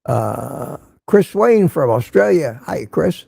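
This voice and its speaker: Older guy reading his live chat out loud, a bit high, dry close sound. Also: expressive, measured pace, vocal fry, no room sound. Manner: greets viewers by name, reads chat aloud. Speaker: livestream host. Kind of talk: casual morning livestream chat.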